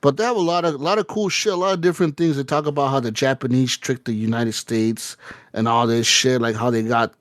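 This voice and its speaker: A man's voice: mid-range voice, steady tone, a little fast, no echo, studio quality. A man co-hosting a casual podcast, telling a long rambling story full of swearing. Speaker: podcast co-host. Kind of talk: casual chat.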